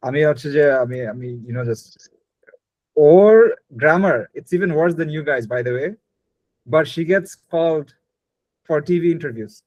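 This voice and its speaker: Fast-talking man teaching. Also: fairly high pitch, a little mellow, dry recording, poor audio. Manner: rapid mix of English and Bengali, frequent restarts. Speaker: spoken English teacher. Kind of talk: live online class feedback.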